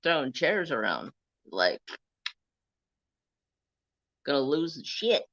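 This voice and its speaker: A laid-back man chats on a live stream, telling loose stories and swearing freely. His voice is bright and forward, and it sits very close and dry. The phone capture sounds dull and lo-fi. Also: a little high, sing-song, takes it slowly, dry recording. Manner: laid-back storytelling, swears and laughs often. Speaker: livestream crafting host. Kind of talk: casual live-stream chat.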